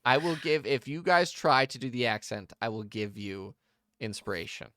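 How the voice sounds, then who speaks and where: A man as game master, narrating and explaining a tabletop game world in a relaxed way with many pauses. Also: mid-range voice, no room sound, clean studio sound.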